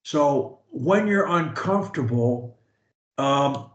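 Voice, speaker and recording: A man's voice: fairly high pitch, expressive, slow pace, roomy sound. Encouraging male speech coach on a muffled call. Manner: encouraging, emphatic.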